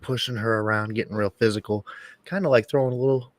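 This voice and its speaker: A man's voice: on the low side, fairly even intonation, quick pace, no room sound. A man co-hosting a casual podcast chat, telling a story bluntly and with plenty of swearing. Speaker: podcast co-host.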